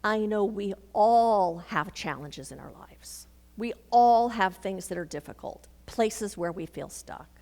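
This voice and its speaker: A woman minister delivers a sermon in a creaky, medium-pitched voice, recorded in a reverberant hall. Animated, she tells a personal story and acts out its dialogue.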